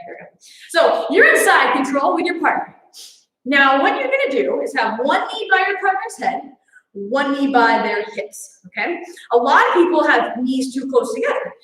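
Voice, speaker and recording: A young woman with a high voice runs an online martial arts class, chatty and playful, laughing as she talks. She sounds like she is in a very echoey room at home. The tone is casual instruction rather than scripted. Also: big pitch swings, normal speed, a bit bright, slight background noise. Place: home training space.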